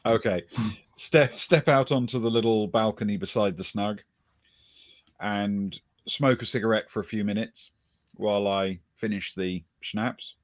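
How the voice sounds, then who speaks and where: A man describing his character's actions in a tabletop game, speaking very slowly with a lowish voice. The sound is dry and close. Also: no echo. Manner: slow, pausing, describing actions. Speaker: player.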